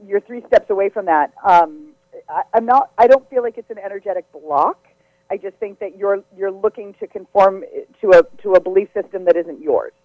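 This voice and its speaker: A woman's voice: medium pitch, moderate pace, dry recording. A woman psychic medium talks through live radio readings in an effusive, giggly, chatty way. Her voice is close and dry on the studio mic. The broadcast sound is slightly dull.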